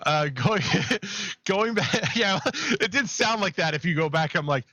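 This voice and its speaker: A man co-hosting a podcast, retelling a myth in a rambling, animated way. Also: on the high side, moderate pace, dull audio. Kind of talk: casual chat, storytelling.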